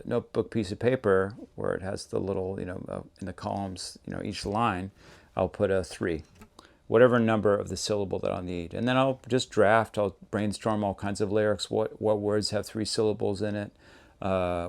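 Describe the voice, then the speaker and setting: A man hosting a songwriting lesson, explaining step by step in a relaxed, conversational way. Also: fairly low pitch, gravelly. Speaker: songwriting teacher, show host. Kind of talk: casual instructional talk.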